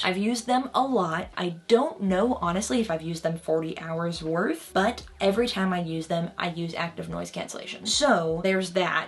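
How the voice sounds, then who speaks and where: A woman giving a casual, chatty headphone review, upbeat and candid, with "like" sprinkled through her talk. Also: fairly low pitch. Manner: chatty, peppered with "like". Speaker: tech reviewer.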